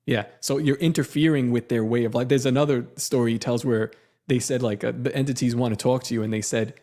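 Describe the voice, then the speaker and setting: A man's voice: medium pitch, fairly even intonation, fast, dark tone. A young man telling a story in casual podcast chat, acting out quotes and dropping in "like" and "dude". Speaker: podcast co-host.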